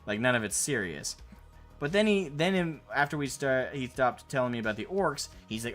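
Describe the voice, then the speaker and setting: A man's voice: mid-range voice, brisk. Rambling storyteller man, faint chant music behind. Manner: rambling, animated storyteller who swears casually. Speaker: miniature painting streamer. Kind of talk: casual storytelling while painting. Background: faint Gregorian chant music.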